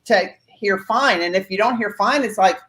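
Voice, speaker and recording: A woman's voice: medium pitch, fairly even intonation, brisk. A woman podcaster speaking as a panel guest, earnest and emphatic. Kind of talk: casual panel talk.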